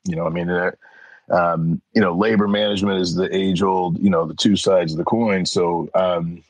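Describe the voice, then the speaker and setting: A man's voice: sits low, moderate pace, no room sound, poor audio. A middle-aged man, an interview guest, telling casual stories and acting out the voices of the people in them. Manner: animated, acts out voices in anecdotes. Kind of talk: casual storytelling.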